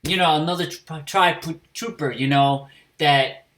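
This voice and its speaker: Bright-voiced man in a casual profane review. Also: fairly high pitch, unhurried. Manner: casual and profane, many fillers and restarts. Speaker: anime episode reviewer.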